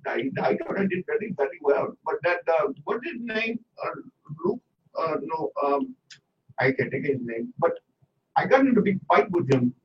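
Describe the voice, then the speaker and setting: A man's voice: high voice, sing-song, normal speed, lo-fi sound. A man on a radio prank call, voicing a rambling, teasing man who claims to be a singer from Pakistan. He uses broken English and a put-on Pakistani accent. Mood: boastful. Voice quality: scratchy voice.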